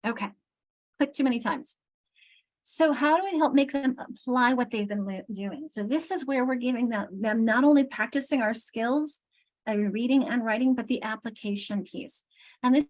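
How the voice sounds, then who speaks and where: A woman leads a literacy training session from a video call, her voice sitting somewhat high. She explains as she goes, thinking aloud and breaking off sentences to restart them.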